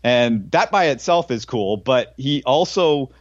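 A man's voice: mid-range voice, animated, measured pace, no echo, muffled recording. A man co-hosting a podcast from home, chatting casually about a sitcom episode and adding trivia with chuckles. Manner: conversational, adds trivia, chuckles. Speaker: podcast co-host. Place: home in Houston.

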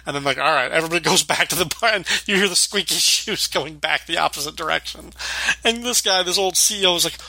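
A male podcast host recaps a sitcom episode in a casual, rambling chat, talking fast with vocal fry in a bright, ringing voice a bit higher than most men's. He uses "like" constantly and acts out quotes, recorded dry and close with no room sound.

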